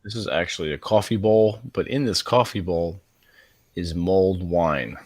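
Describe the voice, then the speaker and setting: A man's voice: sits low, normal speed, a little mellow, no room sound, clean studio sound. A man co-hosting a casual podcast, jokey and swearing freely. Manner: jokey, swearing; mock horse-race calling. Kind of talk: casual chat.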